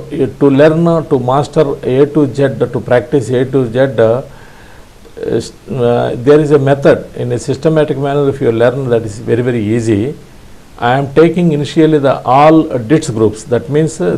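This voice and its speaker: Slow guy from india walking thru morse code, lots of uh's, low mellow voice. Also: rough recording. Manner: hesitant, many fillers and restarts, sounds out dits aloud. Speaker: ham radio instructor. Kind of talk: slow spoken tutorial.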